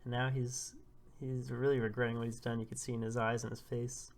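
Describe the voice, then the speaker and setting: A man's voice: medium pitch, fairly quick, creaky. A man casually narrating a comic chapter live, reacting and laughing as he goes. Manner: animated, laughs often, blurts out reactions. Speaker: comic readthrough host.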